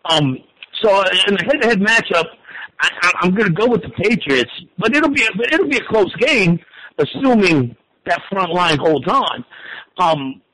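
Excitable stammering man in his forties. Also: high-pitched, normal speed, poor audio. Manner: excitable, stammering restarts, crude swearing. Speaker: wrestling and football pundit guest. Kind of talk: excited casual sports talk.

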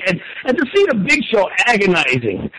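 A man in his forties talking sports on a show, excitable and crude, full of stammered restarts and swearing. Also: high voice, a little fast, crowd noise, poor audio. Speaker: wrestling and football pundit guest. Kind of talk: excited casual sports talk.

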